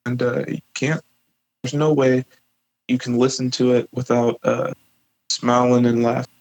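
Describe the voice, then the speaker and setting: A man's voice: medium pitch, flat delivery, measured pace, a little mellow, dry recording, poor audio. A man co-hosting a casual podcast, joking around loosely and swearing freely. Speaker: podcast co-host. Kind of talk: casual chat.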